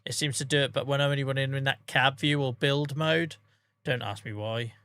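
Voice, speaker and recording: A man's voice: medium pitch, fairly even intonation, brisk, sharp tone, smooth, no room sound. A man in his forties chatting casually on a gaming livestream, self-mocking and joking, with light swearing and frequent laughter. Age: 40s.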